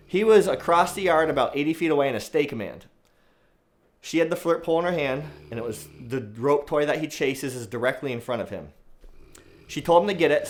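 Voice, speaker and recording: A man vlogging casually to the camera as a dog owner, telling a story in a chatty way and sometimes talking softly to his dog. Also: a little high. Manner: chatty storytelling, soft baby-talk to the dog.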